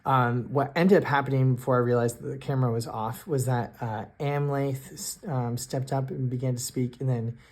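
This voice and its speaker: A man narrating his own solo tabletop game, thinking aloud in a halting way with many restarts. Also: medium pitch, steady tone, a little mellow. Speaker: solo game master and player. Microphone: self-recorded on camera.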